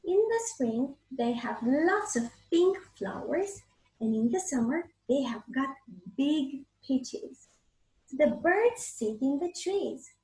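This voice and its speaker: A woman teacher with a Romanian accent reads a children's storybook aloud, talking slowly and clearly to her pupils. Her voice is high, and the room around her is echoey. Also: expressive, dark tone. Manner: slow, clear, addresses children. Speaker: English teacher.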